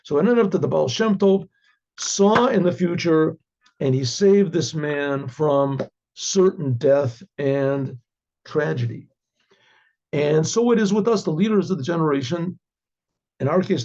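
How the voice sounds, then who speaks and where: A man, a rabbi, telling a story with a moral in a halting way, often repeating words and clearing his throat. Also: on the high side, a little mellow, lo-fi sound.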